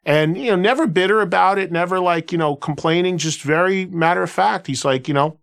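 A man's voice: high-pitched, brisk, vocal fry, clean tone. A man who hosts a radio show, telling anecdotes in a loose conversational way, often restarting and filling with "you know.". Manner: animated anecdotal telling, filler-heavy with restarts. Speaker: radio host. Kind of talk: casual conversational storytelling.

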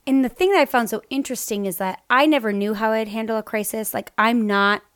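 A woman's voice: a little high, fast talker, fairly bright tone. A middle-aged woman co-hosting a podcast, telling an emotional personal story with many restarts. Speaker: podcast co-host. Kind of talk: casual chat, personal story.

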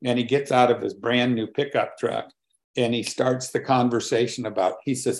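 A man in his seventies giving a reflective talk with personal stories, unhurried and thoughtful, often pausing to search for words. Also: medium pitch, steady tone. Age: 70s. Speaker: speaker on conversation and collaboration.

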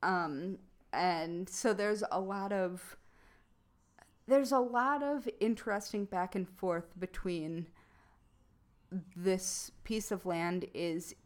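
A woman's voice: on the low side, slow, long pauses. A woman with a Midwestern American accent, co-hosting a podcast in casual, rambling chat full of fillers. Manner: relaxed, rambling, many fillers. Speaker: podcast co-host.

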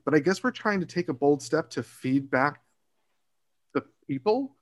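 A man's voice: a little high, lively intonation, normal speed. A man in his late thirties talking reflectively in a casual conversation, rambling with frequent restarts. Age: 30s.

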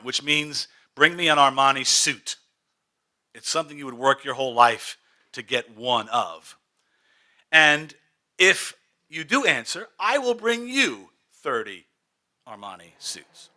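A man's voice: mid-range voice, a little slow. A man preaching, retelling a story dramatically and acting out the characters. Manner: animated, dramatic, acts out the characters. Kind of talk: sermon storytelling.

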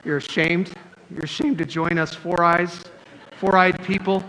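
A man's voice: sits high, fairly even intonation, a little slow, sharp tone, slight background noise, rough recording. A man preaching a sermon as pastor, talking in a conversational, joking storytelling way. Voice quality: wears glasses, astigmatism.

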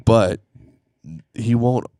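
A man's voice: medium pitch, fairly even intonation, drawn-out words, warm tone, no echo, studio quality. A man co-hosting a casual Christian podcast, talking earnestly and rambling a little, then leading a heartfelt prayer from a church office. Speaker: podcast co-host. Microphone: headphones on a call.

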